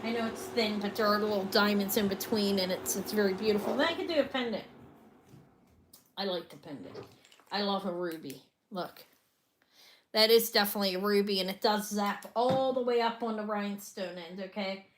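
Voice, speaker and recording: A woman's voice: medium pitch, normal speed, background noise. A woman hosting a live online jewelry sale, chatting loosely and often trailing off mid-sentence. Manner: chatty, rambling, trails off and restarts.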